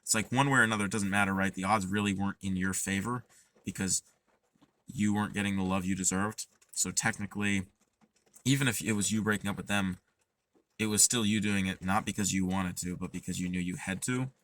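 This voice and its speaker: Low-pitched yet a bit bright, a young man's voice offers advice on his podcast. He's earnest and casual, rambling along with many fillers and restarts.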